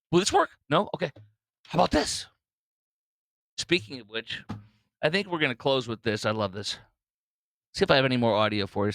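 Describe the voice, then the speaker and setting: A man's voice: medium pitch, gravelly, fairly bright tone, no echo. A man hosting a solo political commentary show, talking bluntly and mockingly with frequent fillers and restarts.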